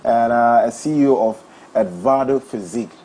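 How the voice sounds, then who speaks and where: A young man hosting a breakfast talk show, playful and quick to laugh, also reading live ads. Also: mid-range voice, warm tone, a little hiss or hum. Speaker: morning show host. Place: studio.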